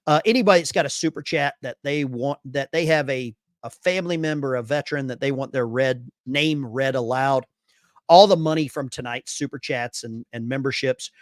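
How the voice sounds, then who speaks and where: A man's voice: medium pitch, normal speed, no room sound, studio quality. A man hosting a casual live stream, reading chat messages aloud with bursts of enthusiasm. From Arkansas.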